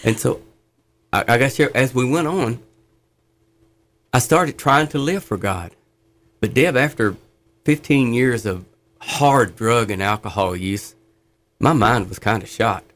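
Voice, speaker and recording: A man's voice: medium pitch, a little slow, long pauses, a bit bright. A middle-aged man sharing his faith testimony in conversation, fervent and earnest, telling stories with laughs.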